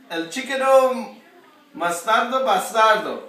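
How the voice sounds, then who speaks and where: A woman's voice: fairly high pitch, a bit bright, very echoey, far from the mic. A woman hosting a home cooking video, playfully teasing and chatting with her children. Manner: teasing, laughing, sing-song chanting. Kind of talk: playful casual kitchen chat with children. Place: home kitchen.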